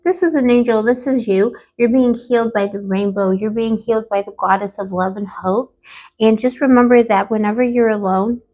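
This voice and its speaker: A woman with a hoarse, fading voice giving a tarot card reading, affectionate and playful, calling the viewer pet names with dramatic asides. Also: medium pitch, steady tone, moderate pace, warm tone. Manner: affectionate, calls the viewer boo-boo and baby. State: hoarse, losing her voice. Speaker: tarot reader.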